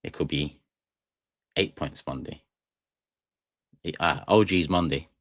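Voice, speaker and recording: His pitch is extremely low and he takes things slowly, recorded with no room sound at studio quality. A young Englishman hosting a fan channel live stream from a small studio room, he chats casually with viewers in a rambling, jokey manner, speaking directly to chat.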